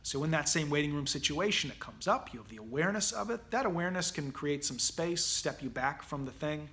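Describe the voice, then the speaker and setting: Male acting teacher, bright fairly high voice, casual lecturing, easy pace. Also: brisk, a little hiss or hum. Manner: relaxed, many fillers and restarts, acts out anxious inner voices. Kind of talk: conversational lecture on mindfulness.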